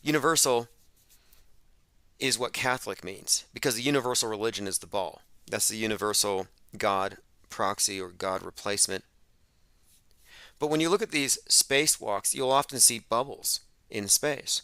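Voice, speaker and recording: A man's voice: fairly low pitch, normal speed, sharp tone, no room sound. A man hosting an open-phones radio show, talking in an emphatic, sarcastic monologue.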